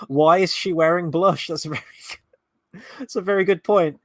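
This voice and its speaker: A man's voice: sits high, measured pace, no echo. A man hosting a fan reaction video, talking casually with sarcastic, exasperated commentary and frequent swearing.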